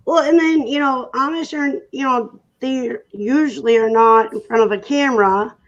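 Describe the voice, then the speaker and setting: A woman's voice: high-pitched, normal speed, dull audio. A woman on an online panel chat, giggly and a little hesitant, heard through a video call. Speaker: panel member. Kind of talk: casual chat.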